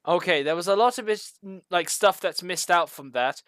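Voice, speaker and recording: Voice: mid-range voice, normal speed, fairly bright tone, dry recording. This is a game master calling the turns of a tabletop session. The narration runs loose and is padded with fillers. The sound is dry, with no room around the voice. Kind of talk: running a tabletop game over voice chat.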